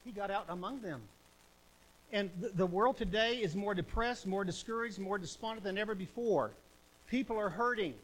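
Here a high-pitched man, speaking at normal speed, gives an evangelistic sermon in an old-fashioned revival manner. Emphatic repetition drives it, with swings between loud exhortation and hushed intensity.

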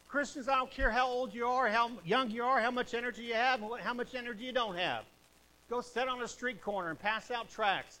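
A man preaching an evangelistic sermon in an old-fashioned revival style, with emphatic repetition and swings between loud exhortation and hushed intensity. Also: very high-pitched, moderate pace.

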